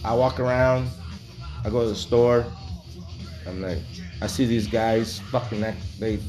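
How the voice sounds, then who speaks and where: A foul-mouthed man in his forties rambles bluntly through a candid monologue. His voice sits low, and guitar music plays clearly behind him. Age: 40s. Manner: rambling, heavily profane, blunt.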